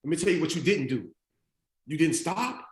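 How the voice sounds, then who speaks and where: A man's voice: on the high side, lively intonation, normal speed, reverberant. A young man giving a motivational speech to teachers, using a repetitive, preacher-like cadence with rhetorical questions. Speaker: motivational speaker. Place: stadium event space.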